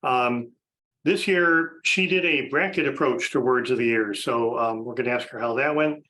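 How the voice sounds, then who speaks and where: A man's voice: medium pitch, moderate pace, bright, forceful tone, rough recording. A man hosting a podcast, casually introducing a panel of guests, chatty with frequent fillers and restarts. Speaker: podcast host.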